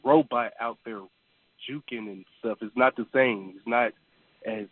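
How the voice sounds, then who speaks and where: A man's voice: medium pitch, unhurried, no echo. Male radio caller, tinny phone line, rambling with fillers, dry close sound. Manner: rambling, hesitant, lots of fillers. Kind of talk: call-in radio chat.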